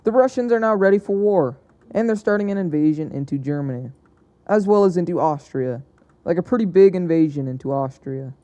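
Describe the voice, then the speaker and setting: Young male narrator, soft dark tone, chatty and unpolished, stumbling and fixing his words as he goes. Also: on the high side, expressive, fairly quick, few pauses, muffled recording. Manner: hesitant, self-correcting, chatty. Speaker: narrator of an alternate-history map video. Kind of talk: casual unscripted narration.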